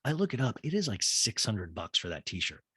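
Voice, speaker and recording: A young man recaps a reality show in a relaxed, joking way. His pitch swings widely as he acts out the cast's lines in exaggerated voices. He sounds dry and close to the mic. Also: moderate pace, slightly rough, no echo. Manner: animated, acts out quotes in exaggerated high voices. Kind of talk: casual comedic recap.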